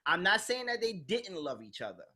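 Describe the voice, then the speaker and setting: Blunt, animated woman podcast host. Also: lowish voice, moderate pace, slightly rough. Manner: animated, acts out quoted voices, blunt with swearing. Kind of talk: casual chat.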